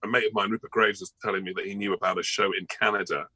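A male actor speaks as a guest in a casual interview, rambling on with ums and restarts. His voice sits fairly low but sounds bright and forceful. It is recorded dry and close. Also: steady tone, racing, dry recording, low-quality recording.

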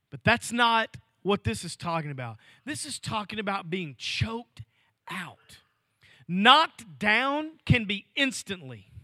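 A man preaching a sermon in church, swinging from loud emphatic lines to low, quiet ones. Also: no room sound. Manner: preaching with sweeping swings of pitch and volume, dropping to near-whispers. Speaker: pastor.

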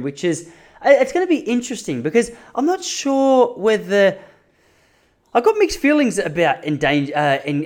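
An Australian man talking casually in a vlog from an apartment lounge room, rambling and joking at his own expense. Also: a little high. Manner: joking, rambling, self-mocking. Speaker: vlogger.

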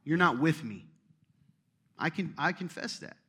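A man preaching a sermon as pastor, telling a story with swings from loud exclamations to hushed asides. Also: on the high side, animated, a little slow, husky.

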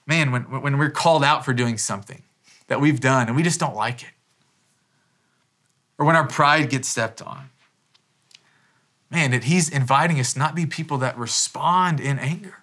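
A man's voice: mid-range voice, moderate pace, pauses often, fairly bright tone. A pastor in his thirties preaching a sermon in a casual, conversational way, often restarting phrases and dropping in "man" as an aside. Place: church.

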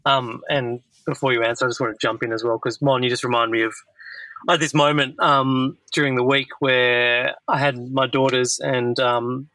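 A man in his thirties hosts a relaxed podcast conversation, wandering through his thoughts and leaning on filler words. His voice is bright and forceful. The sound is dry and close. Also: mid-range voice, moderate pace, no echo, poor audio. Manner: rambling, heavy use of filler "like". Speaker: podcast host. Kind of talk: casual conversational chat.

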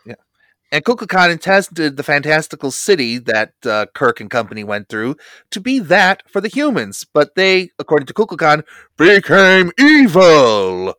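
A man co-hosting a podcast, recapping a cartoon episode with lively storytelling and wry asides. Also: on the high side, normal speed, dry recording. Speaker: podcast co-host.

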